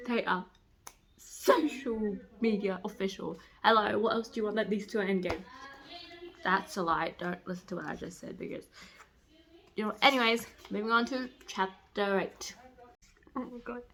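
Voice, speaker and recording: A young woman chatting casually in a reading vlog, gushing and excitable, breaking into squeals as she retells a romance novel. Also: mid-range voice, normal speed. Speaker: book vlogger. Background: construction voices.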